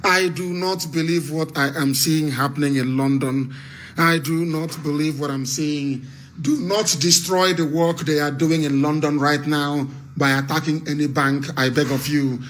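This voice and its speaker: A man's voice: on the high side, steady tone, moderate pace, a bit bright. A man from Nigeria with a Nigerian accent, giving a fiery, repetitive live radio address as an activist broadcaster.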